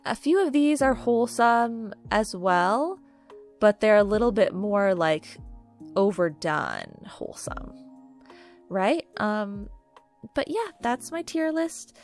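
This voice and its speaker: A woman chatting casually to camera while ranking movies, gushing and filling pauses with "um" and "like". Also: medium pitch, big pitch swings. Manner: chatty, gushing, many fillers. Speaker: video creator ranking movies. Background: faint background music.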